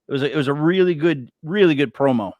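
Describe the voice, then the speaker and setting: A man co-hosting a casual wrestling podcast, excitable and stumbling over his words. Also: fairly high pitch, fast, dry recording, dull audio. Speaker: podcast co-host.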